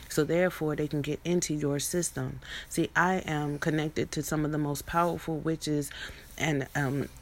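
A young woman in a rambling, profane monologue, preaching at her viewers with many restarts and asides. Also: sits low. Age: young adult.

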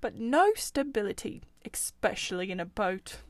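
A woman's voice: mid-range voice, very animated, moderate pace, dry recording, natural voice. A woman voicing a jolly, talkative male otter in a storybook reading. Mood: hearty.

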